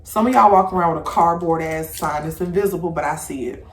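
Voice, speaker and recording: A woman's voice: on the low side, fairly quick, slight background noise. Blunt, profane woman in echoey room. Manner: blunt, profane, animated storytelling. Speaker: podcast host. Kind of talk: casual chat. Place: home room with incense.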